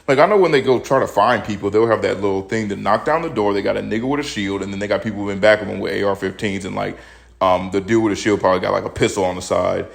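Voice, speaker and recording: Fast and gravelly, on the low side, the voice belongs to a young man hosting his own opinion podcast. He's slightly out of breath as he rants bluntly and profanely about the news in casual commentary.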